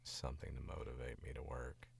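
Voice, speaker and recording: A man's voice: extremely low pitch, monotone, fairly quick, creaky, slight background noise. A man from the American South chatting casually on a stream about his voice work, sick and sleepy, rambling with chuckling asides. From Southern United States.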